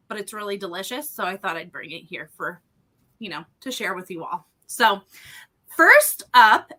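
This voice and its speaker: Over a video call, this wine seller and fundraiser co-host presents a laid-back live podcast in a mid-range voice that sounds pushed and bright. She's upbeat and talkative, a bit winded, and fills her speech with ums and you-knows.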